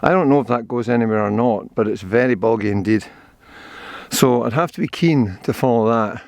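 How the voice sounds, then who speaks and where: A Scottish man, older, talks in a rambling, cheerful way to the camera he carries while out running on a forest trail. His voice sits at an ordinary pitch and sounds close and dry, with no room echo around it. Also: a little fast, darkish tone. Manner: chatty, rambling, cheerful about scenery. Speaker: vlogger. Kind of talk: casual walking and running commentary.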